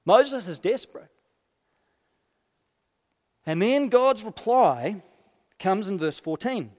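A man preaching a sermon expressively, dropping quiet and low for quoted lines. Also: animated, slow pace, long pauses. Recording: long hall reverb.

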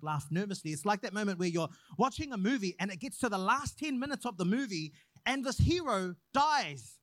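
A young man preaching a sermon, praying and then telling a personal story in an animated way. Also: a little high, no room sound. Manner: animated storyteller, acts out quoted voices.

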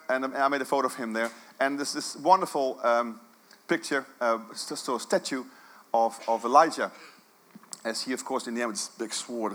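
A middle-aged man preaching a sermon, telling the story with animation and swinging from quiet, hushed lines to loud outbursts. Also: mid-range voice.

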